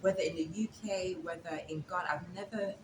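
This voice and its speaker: A woman's voice: fairly low pitch, fairly even intonation, fairly quick. A woman as an interview guest, casually telling a story and acting out the dialogue. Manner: retells events with quoted dialogue. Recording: echoey room with background noise.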